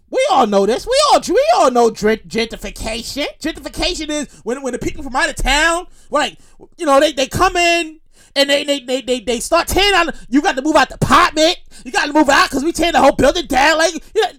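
A man with a New York accent hosts his own show, riffing through stories in a casual, profane monologue. His voice sits high and swings widely as he repeats himself for effect. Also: fairly quick. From Brooklyn, New York. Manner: animated, profane, repetitive storytelling. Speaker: podcast host.

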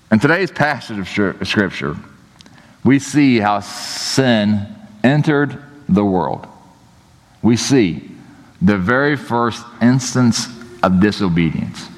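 A man's voice: lowish voice, expressive, takes it slowly, long pauses. A man preaching a sermon as pastor, telling stories in a casual, joking way and often saying "you know, like". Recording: long hall reverb.

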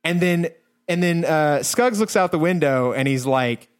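A man's voice: on the high side, animated, normal speed, clear, resonant tone. Rambling man recapping a movie. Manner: rambling, profane, many fillers and restarts. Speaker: podcast co-host. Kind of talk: casual movie-recap chat.

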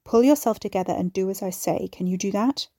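A woman voicing a domineering older mother with a raspy voice who speaks in hard, cold, commanding tones. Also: mid-range voice, a little fast, dark tone, dry recording, clean studio sound, natural voice.

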